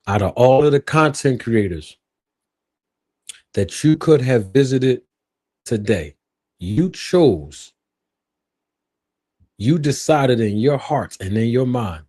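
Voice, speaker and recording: A man putting on a smooth, sweet-talking ladies' man persona in a slow, low crooning voice on a live stream. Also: warm tone.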